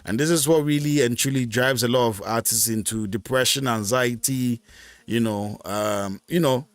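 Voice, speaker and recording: A man's voice: medium pitch, moderate pace, dry recording. A man hosting a live music stream, talking casually on his own and rambling with many fillers and restarts.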